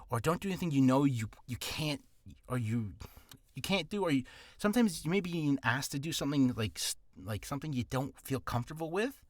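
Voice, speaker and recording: A man's voice: a little high, no echo. A man talking through voice-care tips in a loose, rambling, jokey way, restarting his sentences as he goes. His throat sounds a little dry and ticklish, and the dry, close recording has no room sound. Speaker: voice actor giving advice. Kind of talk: casual spoken video lesson.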